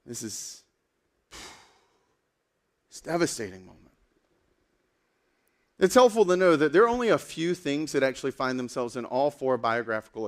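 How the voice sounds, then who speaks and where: A man preaching a sermon as a pastor, telling a story in a casual, animated way with lots of fillers. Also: mid-range voice.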